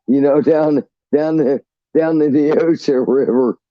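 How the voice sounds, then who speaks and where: A man's voice: a little high, steady tone, slow, no room sound, highs cut off. A man casually telling rambling, profane stories about his navy days on a live chat.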